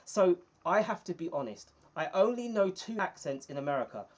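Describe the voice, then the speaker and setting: A man hosting his own livestream in a casual, chatty way, reading viewer comments and thanking people by name, indoors under bright lights. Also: high-pitched, sing-song, a little fast. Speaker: small YouTuber hosting a livestream.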